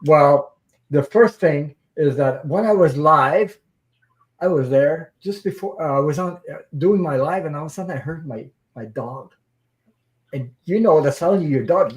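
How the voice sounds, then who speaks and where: A man hosts a casual live video-call chat in a fairly high voice. He speaks with feeling and circles back over his own words as he tells a story. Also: animated, normal speed, poor audio. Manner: emotional, repeats himself while telling a story. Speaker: live-stream host.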